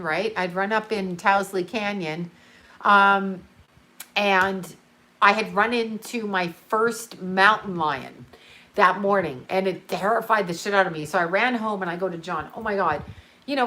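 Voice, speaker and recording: A woman's voice: mid-range voice, fairly bright tone. A middle-aged woman hosting a livestream, telling family camping stories in a chatty, profane way, laughing as she talks. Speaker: psychic livestream host. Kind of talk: casual livestream storytelling.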